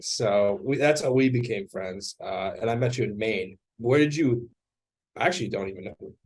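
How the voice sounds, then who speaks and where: A man's voice: fairly low pitch, normal speed, a little mellow, husky. A young man hosting a podcast, talking casually and rambling, often laughing. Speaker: podcast host. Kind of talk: casual chat.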